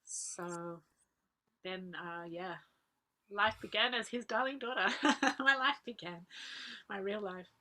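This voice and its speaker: A woman, earnestly recalling personal memories as a guest speaker, laughing softly now and then. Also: medium pitch, slow pace, long pauses. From Australia. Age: 40s. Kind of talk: personal reminiscence talk.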